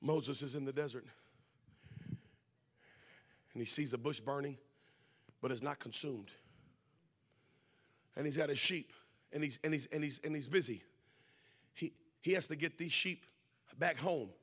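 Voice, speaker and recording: A man preaching a sermon, shouting in a sing-song cadence with "uh" breaths between phrases. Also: fairly high pitch, measured pace, pauses often, husky, no room sound.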